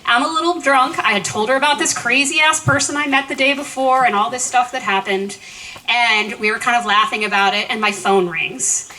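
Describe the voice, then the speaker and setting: Bright, chatty woman telling a story. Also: a little high, brisk, slight background noise, rough recording. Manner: lively, chatty, self-deprecating storyteller. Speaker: eulogist. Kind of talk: personal story at a memorial.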